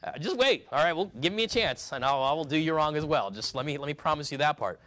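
A man with a fairly high voice preaches a sermon from the pulpit. His delivery is emphatic, rising to loud, urgent stretches and then dropping to hushed, low asides. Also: animated, fast talker. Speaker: pastor.

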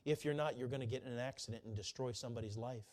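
A man preaching a sermon, fervent, who slows right down to repeat key lines and climbs to high, ringing peaks. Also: a little mellow.

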